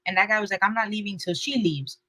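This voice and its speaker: A young woman co-hosting a podcast, telling a story in animated casual chat and acting out the people she quotes. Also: fast, no room sound, rough recording. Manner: lively, acts out quotes with shifting pitch and loudness. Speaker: podcast co-host.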